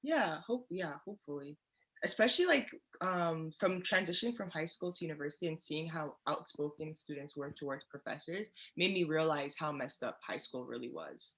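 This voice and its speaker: A woman's voice: sits low, moderate pace. A young woman who is a poetry guest on a podcast, talking casually and telling stories with emphasis. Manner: emphatic, animated storyteller. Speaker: guest poet. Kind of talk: casual chat.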